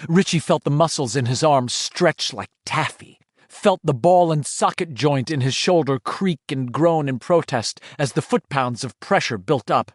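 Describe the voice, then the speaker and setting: A man's voice: fairly high pitch, measured pace, no echo, clean studio sound. A man reading a horror audiobook aloud in dramatic scripted narration. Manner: dramatic, shifting delivery.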